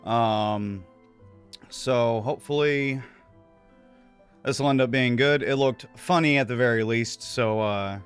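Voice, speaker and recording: A man's voice: medium pitch, slow, long pauses, clean tone, faint music behind. A man hosting a let's play, commenting casually and wryly on a game from a studio. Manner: relaxed, wry, talks over gameplay.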